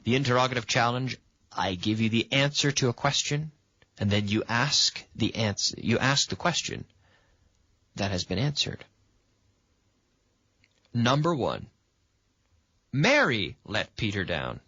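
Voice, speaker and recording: A man hosting a radio English lesson, patiently quizzing a student and stressing words with lively intonation. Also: medium pitch, unhurried, long pauses, breathy edge, no echo. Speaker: English teacher and radio host. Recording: dull, lo-fi sound.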